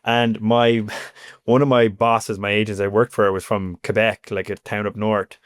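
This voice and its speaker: A man's voice: on the low side, a little slow, dry recording, studio quality. A man in his thirties from Cork with an Irish accent, talking casually as an interview guest and filling his talk with "you know" and "like". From Ireland. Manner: chatty, animated, lots of fillers like "you know".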